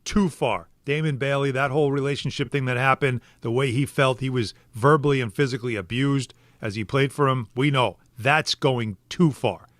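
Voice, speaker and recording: A middle-aged man hosting a sports talk show, questioning his co-hosts in an animated way with frequent restarts. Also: mid-range voice, normal speed, hardly any pauses, dry recording, studio quality. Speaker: sports radio host. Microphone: studio microphone.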